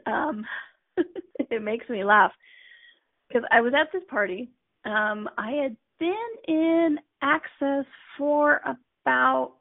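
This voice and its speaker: A middle-aged woman hosting a show, telling a casual story in a chatty, animated way and laughing often. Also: high-pitched, gravelly, breathy edge, no room sound. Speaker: host. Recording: tinny phone-line sound.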